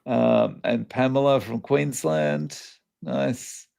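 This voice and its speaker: Chatty Australian man greeting viewers, gravelly. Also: mid-range voice, takes it slowly, darkish tone. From Scotland, raised in Australia. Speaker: live show host. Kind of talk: casual live-stream chat. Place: Japan.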